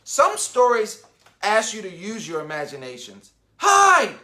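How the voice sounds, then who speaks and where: Lively bright-voiced man reading to kids. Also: high voice. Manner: animated, asks the listener questions and pauses to wonder. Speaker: children's book reader. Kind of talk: reading a picture book aloud to children.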